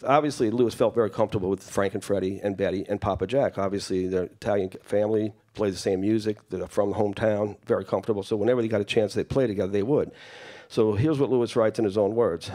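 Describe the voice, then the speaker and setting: Talking fast with few pauses, a man with a low voice shares a family story with a festival audience. His telling is animated, and he acts out the voices of the people in it.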